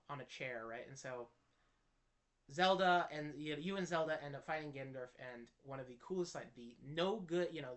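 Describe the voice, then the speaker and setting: A man's voice: on the high side, a bit bright. A man telling a personal story to camera in an earnest, impassioned way, often restarting his sentences. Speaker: Christian video creator.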